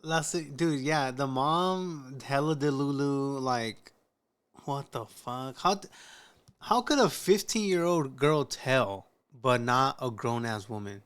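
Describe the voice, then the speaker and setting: A man's voice: medium pitch, slow pace, fairly bright tone, clean tone. A man reacts to a clip in loose, casual commentary, swearing easily and calling everyone dude and bro. His tone stays laid-back and conversational. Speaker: reaction host.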